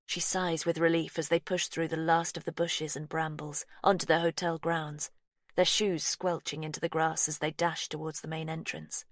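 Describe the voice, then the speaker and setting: Female storyteller for an audiobook; low, hushed and measured, dry studio read. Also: little pitch movement, dry recording. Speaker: narrator. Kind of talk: scripted audiobook narration.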